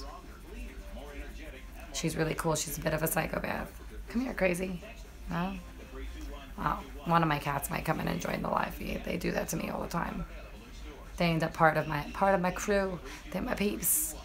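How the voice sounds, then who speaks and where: A young woman, chatting casually and cursing as she talks to viewers on a live stream. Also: deep voice. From New York.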